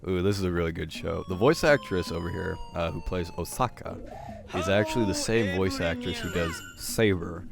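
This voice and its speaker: A man's voice: sits low, lively intonation, moderate pace, gravelly, music in the background. A young man hosting casual anime commentary, rambling with many fillers and restarts.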